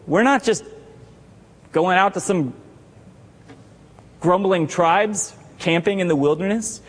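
A male pastor preaching a sermon to his congregation, joking and teasing members by name, then building to emphatic shouted declarations. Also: high-pitched. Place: church sanctuary with congregation. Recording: long hall reverb.

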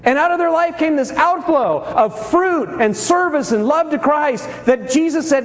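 A male pastor preaching with a high, very lively voice that swings up and down as he acts out each character. His sermon rings through a large church hall with a long reverb. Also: normal speed, few pauses. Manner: animated storytelling, acts out characters.

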